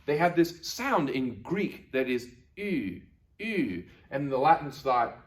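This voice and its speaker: A man teaching a lesson, demonstrating sounds slowly and with emphasis. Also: medium pitch. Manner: animated, demonstrative, drawing out sounds. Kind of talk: classroom lesson on Latin pronunciation.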